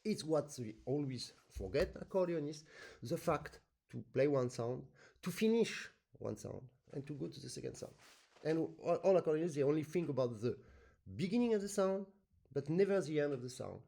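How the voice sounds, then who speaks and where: Man, accordion teacher, lively pitch, sings rhythm syllables. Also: moderate pace, gravelly. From France. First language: French. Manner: animated, sings rhythms in syllables, non-native English phrasing. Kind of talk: masterclass teaching with sung demonstrations.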